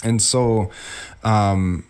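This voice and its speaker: A man's voice: lowish voice, drawn-out words, clear, resonant tone. A man teaching young children about a plant, telling a family story in a casual way and acting out the voices of the people in it. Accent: Anishinaabe community English. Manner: animated, acts out quoted voices.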